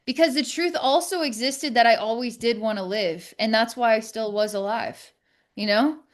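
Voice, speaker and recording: A woman speaking as a podcast guest, telling a personal story candidly in a reflective, halting way with many restarts. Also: a little high.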